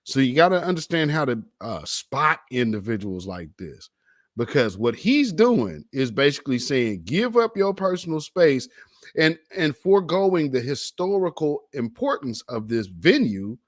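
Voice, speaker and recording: A man's voice: mid-range voice, sing-song, normal speed. A man hosting a commentary show, reacting to video clips in an emphatic, preachy way and drawing out the words he stresses. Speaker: commentary host.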